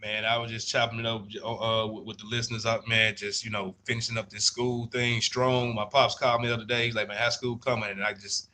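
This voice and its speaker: A man's voice: lowish voice, flat delivery, a little fast, few pauses, bright, forceful tone. A young man, co-hosting a casual sports podcast in a laid-back, drawling way. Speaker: podcast co-host.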